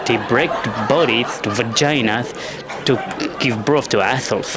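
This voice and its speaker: A man's voice: mid-range voice, unhurried, a loud crowd, heavy background noise. A young man with a non-native English accent doing a rambling, self-deprecating stand-up comedy monologue.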